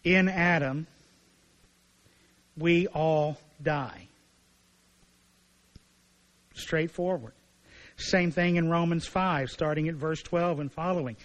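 Man preaching, slightly high voice. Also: takes it slowly, long pauses, low-quality recording. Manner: animated preaching, acting out voices of biblical figures. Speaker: pastor. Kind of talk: sermon.

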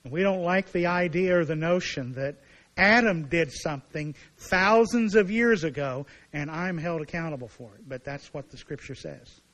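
Man preaching, slightly high voice. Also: normal speed, rough recording. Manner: animated preaching, acting out voices of biblical figures. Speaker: pastor. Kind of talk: sermon.

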